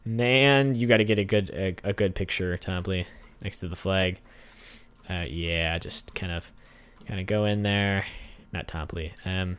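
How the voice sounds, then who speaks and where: A man's voice: low voice, measured pace, fairly bright tone, smooth, no echo. A young man hosting a gaming channel, giving casual gameplay commentary, chatting to the characters on screen and getting easily exasperated.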